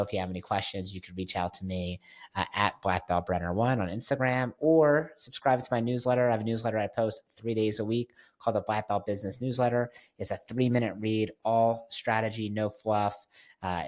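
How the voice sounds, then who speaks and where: Podcast host guy, lowish voice, relaxed and plainspoken. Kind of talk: casual interview.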